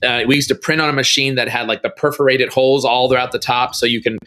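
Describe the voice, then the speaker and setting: A middle-aged man tells a story as a guest on a podcast interview. He has a bright, forward tone and acts out the people in his story with sudden jumps in pitch. He talks loosely and casually, like someone recounting an anecdote. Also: fast talker. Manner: animated storyteller, acts out quoted dialogue with big pitch jumps.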